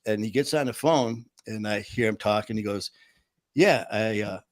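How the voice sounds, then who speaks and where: A man's voice: on the low side, normal speed, no echo. A man hosting a casual talk, telling a story with lots of fillers, laughs and acted-out quotes. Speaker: show host.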